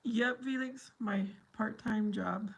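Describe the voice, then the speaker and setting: Slow, gravelly woman chatting with viewers. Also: fairly high pitch. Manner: giggly, silly. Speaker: livestream host. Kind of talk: casual chat with viewers.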